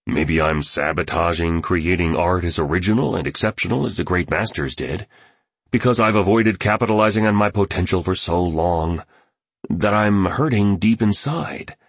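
A man's voice: low voice, normal speed, breathy edge, dry recording. A man voicing a thoughtful, insecure male artist who speaks in a subdued, hesitant way. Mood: anxious.

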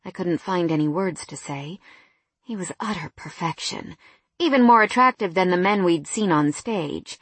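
A woman's voice: lowish voice, animated, moderate pace, husky, dry recording. A woman narrating a first-person novel in a wry, candid tone.

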